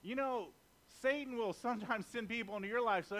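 High-voiced man preaching a sermon. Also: brisk, fairly bright tone. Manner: conversational preaching with jokes and acted-out quotes.

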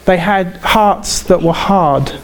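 A man with an English accent preaching a sermon in a conversational way, halting and often repeating himself. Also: high voice. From England.

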